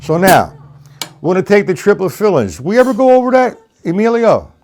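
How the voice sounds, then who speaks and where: Man, drum teacher, fairly high voice, very lively pitch, chatty, counts beats aloud. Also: a little fast, loud music behind the voice. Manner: chatty, talks straight to viewers by name; counts rhythms aloud while demonstrating. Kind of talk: live-streamed lesson, answering chat.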